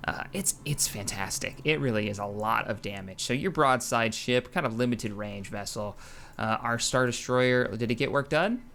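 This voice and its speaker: A man hosting casual gameplay commentary, excitable and rambling, often correcting himself mid-sentence. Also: mid-range voice, normal speed, slight background noise. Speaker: gaming channel host.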